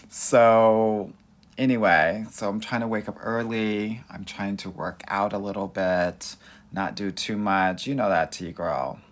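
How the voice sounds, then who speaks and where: Answering dating questions on a live stream, this young man speaks in a lowish, steady voice at a measured pace, yet plays it sassy and campy with a Valley Girl lilt, addressing viewers as honey and girl. He's recorded on a phone or webcam microphone.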